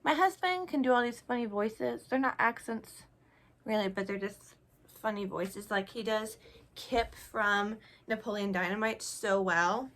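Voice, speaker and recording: A woman's voice: medium pitch, a little slow, a bit bright. A young woman chatting casually while she tests makeup, joking about herself as she works. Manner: chatty, self-deprecating, talks while applying makeup. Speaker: beauty vlogger. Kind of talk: casual makeup tutorial chat.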